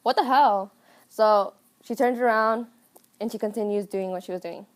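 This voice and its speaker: A woman's voice: medium pitch, moderate pace, clear, resonant tone. Casual, slangy woman telling a comic story. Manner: casual, deadpan retelling with slang. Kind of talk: comedic storytelling.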